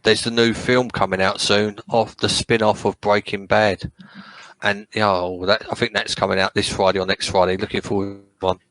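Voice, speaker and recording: Sweary bright-voiced English bloke. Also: male voice, on the low side, little pitch movement, normal speed, no room sound, poor audio. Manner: swears freely, rambling with restarts. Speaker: podcast co-host. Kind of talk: casual football chat.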